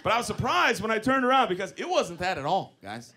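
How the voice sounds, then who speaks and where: A man doing live stand-up comedy on a club stage, telling an animated story with running callbacks. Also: high voice, fast talker. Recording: live club recording with audience laughter.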